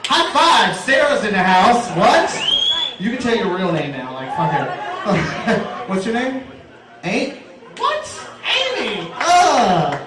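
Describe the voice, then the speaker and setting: A man hosting a comedy show, doing loud, teasing, profane crowd work before bringing up the headliner. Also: high-pitched, big pitch swings, takes it slowly. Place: large comedy room with live audience. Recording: echoey room, far off, crowd noise.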